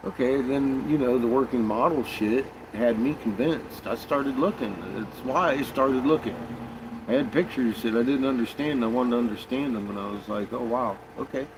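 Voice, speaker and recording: A man's voice: mid-range voice, moderate pace. Rambling, cursing man on a noisy recording. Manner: rambling, swears often, frequent restarts and laughs. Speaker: conspiracy vlogger. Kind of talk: casual rambling monologue.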